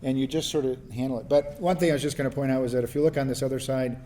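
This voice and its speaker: A man from New Mexico telling lively personal stories as a panelist, laughing and acting out the voices of people he quotes. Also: medium pitch, very fast. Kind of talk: storytelling in a panel discussion.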